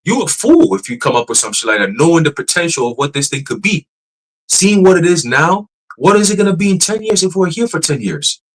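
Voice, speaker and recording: Animated, profane man preaching casually. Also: fairly high pitch, a little fast, poor audio. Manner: animated, profane, laughing, many restarts. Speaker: church teacher.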